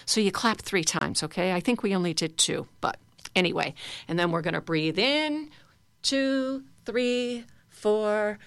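A middle-aged woman leading a guided laughter exercise class, playful, breaking into high silly laughs and fake sneezes. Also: animated, moderate pace, creaky, fairly bright tone, no room sound. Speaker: laughter yoga leader.

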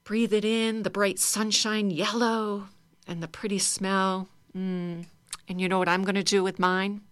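A woman's voice: medium pitch, flat delivery, unhurried, clean tone, no echo. Upbeat woman leading a laughter class. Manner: upbeat, coaxing, playful. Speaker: laughter yoga leader. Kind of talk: guided laughter exercise.

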